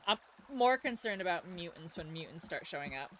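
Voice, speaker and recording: A woman's voice: on the low side, lively intonation, a little fast, fairly bright tone, a little hiss or hum. A woman streaming a game, chatting casually, laughing often and fighting off the hiccups. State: has the hiccups. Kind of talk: casual gameplay chat.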